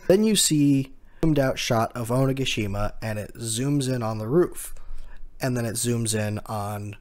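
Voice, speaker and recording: A man in an easygoing, unscripted recap of a comic chapter. He rambles through the scenes, slips into quoted lines without changing his voice much, and laughs to himself now and then. His pitch sits at an everyday middle. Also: a little slow, darkish tone. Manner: retells scenes loosely, quoting characters in a plain voice, chuckles often. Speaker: manga chapter recap host. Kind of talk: casual chapter recap and reaction.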